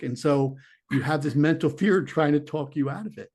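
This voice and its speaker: In an interview, a middle-aged man who once worked as a police detective and is now a psychic medium tells a long personal story with earnest rambling, performing his own inner voice. He speaks a little high at a moderate pace, with a darkish tone.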